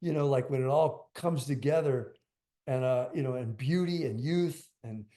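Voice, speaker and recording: A man's voice: medium pitch, moderate pace, mellow. An older man, a guest musician, telling stories in a rambling, emphatic way, full of fillers. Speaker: guest drummer. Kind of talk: casual interview storytelling.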